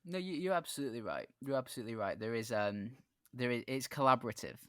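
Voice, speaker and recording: A male podcast host talks in a casual chat, telling a story earnestly and stopping to restart his sentences. His voice sits at a middle pitch. The sound is dry and close, with no room echo. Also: animated, fast talker, a bit bright. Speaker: podcast host and dungeon master.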